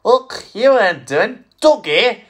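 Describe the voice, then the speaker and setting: A man voicing a gruff, suspicious male steam engine in a fan story reading. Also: high-pitched, animated, slow pace, pitched above the performer's own voice, heavily acted.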